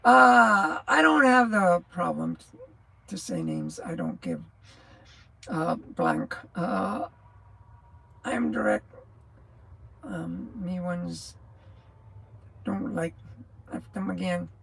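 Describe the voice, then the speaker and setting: A truck driver in her sixties from New Mexico hosts a livestream, chatting casually and rambling, losing her train of thought and laughing often. Her scratchy, rattly voice sits fairly low yet is fairly bright and husky, sing-song with drawn-out words, vocal fry and long pauses.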